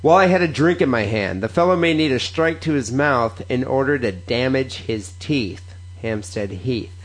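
Joking male podcast host, mid pitch. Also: animated, normal speed. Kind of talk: casual podcast banter.

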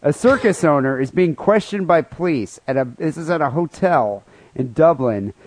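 A man hosting a comedy podcast, riffing on a news story with crude, profane jokes and mock outrage. His voice sits a bit higher than most men's. It is recorded close and dry, with no room sound. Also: lively intonation, moderate pace, a little mellow, no echo. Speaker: podcast co-host. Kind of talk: casual comedic podcast banter.

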